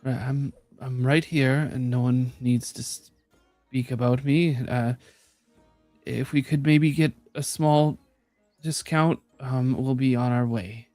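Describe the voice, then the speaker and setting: A man's voice: medium pitch, steady tone, slow, darkish tone, no room sound, soft background music, close to an everyday voice. A man playing a timid, hesitant young man. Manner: hesitant, many ums. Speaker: player.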